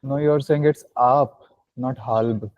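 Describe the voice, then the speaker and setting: A man asking quick questions as a student in a language class. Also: medium pitch, steady tone, highs cut off.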